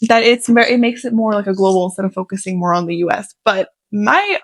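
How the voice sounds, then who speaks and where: Enthusiastic woman host, halting delivery. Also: mid-range voice, lively intonation, dry recording, rough recording. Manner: enthusiastic, hesitant with many "um" fillers. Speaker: interview host. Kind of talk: casual interview chat.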